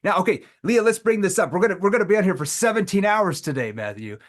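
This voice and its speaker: Animated male sales trainer. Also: high-pitched, fast talker. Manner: animated, acts out playful quotes. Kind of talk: live sales training talk.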